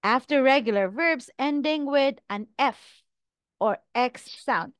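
A woman teacher drills English pronunciation, speaking each word very slowly and with careful enunciation. Her voice sits a little high. The recording is dry and close, with no room sound. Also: clean tone, no room sound. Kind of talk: slow, deliberate pronunciation drill.

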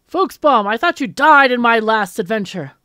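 A woman's voice: on the high side, animated, moderate pace, bright, forceful tone, clean tone, no room sound, studio quality, pitched above the performer's own voice. A woman voicing a brash male treasure hunter hero in a video game, with bold exclamations. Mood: indignant.

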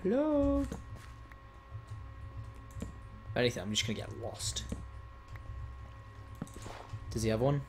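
This young man's voice is on the low side and unhurried, with frequent pauses and slight background noise. Hosting his gaming channel, he gives casual, teasing commentary while he plays, now and then sounding frustrated.

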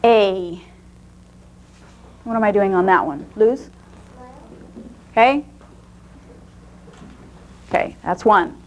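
A woman teacher giving a clear, demonstrative classroom lesson to a group of students. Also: medium pitch, lively intonation, slow, long pauses, slight background noise, rough recording.

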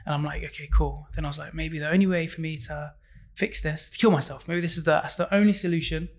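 Podcast guest, young man, raised voice, gravelly, candid and fast. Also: on the high side, fairly even intonation. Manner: candid, acts out his own past thoughts. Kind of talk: personal story in a podcast interview.

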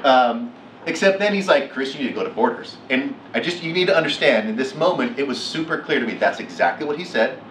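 A middle-aged man giving a keynote talk, telling a story with lively acted-out quotes. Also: medium pitch, quick pace, a little hiss or hum. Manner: animated, acts out quotes with laughs. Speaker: keynote speaker. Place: lecture hall. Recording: echoey hall from far off.

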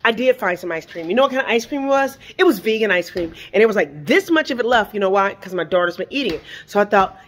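A middle-aged woman vlogging casually from her kitchen, ranting in an animated, exasperated way and firing off rhetorical questions. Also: mid-range voice, quick pace, hardly any pauses. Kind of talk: casual vlog rant. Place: home kitchen.

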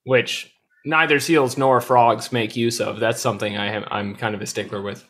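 A man co-hosting a casual comedy podcast, tossing in quick sardonic one-liners, with an American accent. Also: medium pitch, steady tone, a bit bright. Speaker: podcast co-host.

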